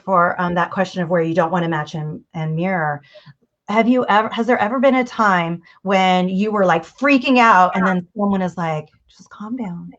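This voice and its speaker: A woman coach talks through communication advice in a casual interview. She keeps it lively and slips into the voices of the people she quotes. The audio sounds dull and lo-fi. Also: on the low side. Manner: animated, acts out quoted voices.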